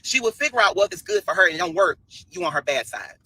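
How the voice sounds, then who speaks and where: A man's voice: high-pitched, very animated, fast, pushed and bright, husky, no room sound, rough recording. A man ranting on a livestream in a sassy, scolding way, repeating himself. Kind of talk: livestream rant.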